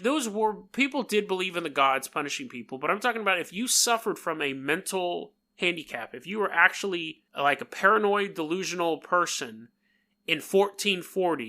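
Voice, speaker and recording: A man's voice: on the high side, pushed and bright. A man with a New York accent hosting a podcast, telling a story in a rambling, jokey way and imitating sounds. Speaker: podcast host. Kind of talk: casual storytelling monologue.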